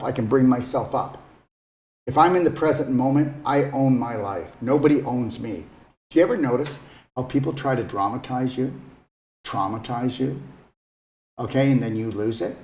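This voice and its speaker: A man's voice: medium pitch, a little mellow. A man giving a casual, earnest motivational talk as a wellness retreat host, coaxing his listeners and often checking in with "okay?". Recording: echoey room.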